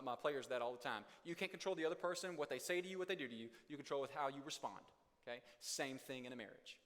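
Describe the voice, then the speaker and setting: A young man delivers a sermon in a casual, conversational way, every so often acting out both sides of a couple's argument. His voice sits at a middling pitch. It rings with a long reverb, as if heard in a large hall. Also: a bit bright. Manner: conversational preaching, acts out couples' arguments in quick bursts. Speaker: pastor. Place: church hall.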